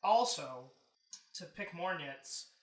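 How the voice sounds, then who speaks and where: A man's voice: on the high side, takes it slowly, roomy sound, distant mic. A man guesting on a podcast, chatting casually and animatedly about films and picking at plot holes. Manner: nitpicking, animated, swears casually.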